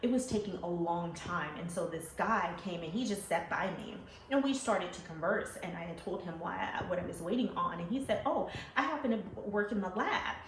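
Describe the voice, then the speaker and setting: A woman telling her own life story to her viewers, emotional and animated, acting out the voices she quotes. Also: fairly low pitch, moderate pace, few pauses. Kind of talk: personal storytelling to camera. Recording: echoey room with faint ambient noise.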